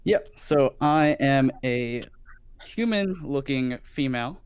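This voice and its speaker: A man speaking as a player in a tabletop role-playing game, describing his character plainly and matter-of-factly. His voice is very smooth and crisp, and the recording is dry with no room sound. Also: mid-range voice, lively intonation, takes it slowly, dry recording.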